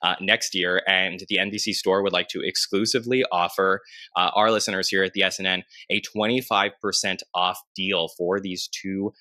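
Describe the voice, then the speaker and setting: A man's voice: sits low, fairly even intonation, moderate pace, bright, forceful tone, dry recording. A man hosting a podcast, reading promos and introducing his guest in an upbeat, promotional manner. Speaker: podcast host. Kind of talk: podcast host read and intro.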